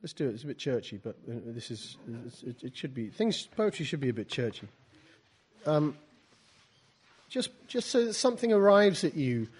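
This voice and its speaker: Halting man leading a poetry workshop. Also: fairly high pitch, big pitch swings, a little mellow, breathy edge. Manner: halting, restarts and repeats words, dry wry asides. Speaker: poetry teacher. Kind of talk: workshop talk mixed with reading aloud from his own book.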